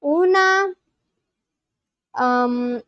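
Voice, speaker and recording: Woman, high voice, dry sound, loose streaming chat with lots of restarts. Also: extremely slow, a bit bright, no echo, lo-fi sound. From India. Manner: thinks aloud, answers chat questions, repeats practice phrases with many restarts. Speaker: livestreamer learning a language. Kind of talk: casual live-stream chat.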